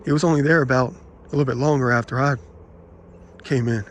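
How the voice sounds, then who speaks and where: A man vlogging, telling rambling personal anecdotes in an aggrieved, animated way and quoting the people in them. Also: mid-range voice, fairly quick, slight background noise. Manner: aggrieved, animated retelling with quoted dialogue.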